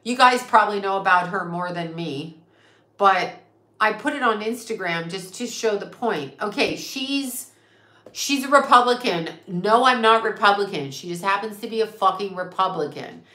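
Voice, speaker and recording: A woman in a casual stream rants emphatically, swearing freely and firing off rhetorical questions. Her voice sits at an ordinary middle pitch. The sound has a roomy echo around it. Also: expressive, normal speed, bright, forceful tone. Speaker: psychic medium and channel host. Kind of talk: casual livestream rant.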